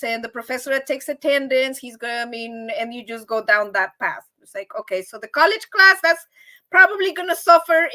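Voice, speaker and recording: A woman's voice: high voice, a bit bright. A woman hosting a casual live stream, chatting to viewers in a rambling, upbeat way, often repeating words and laughing.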